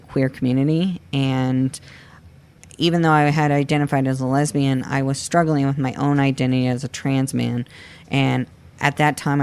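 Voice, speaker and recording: A man in his thirties from Florida, telling his own story in an interview with a candid, halting manner. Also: medium pitch, clean tone. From Florida, United States. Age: 30s. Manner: candid, halting, with many restarts and fillers. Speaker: guest. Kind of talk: personal interview.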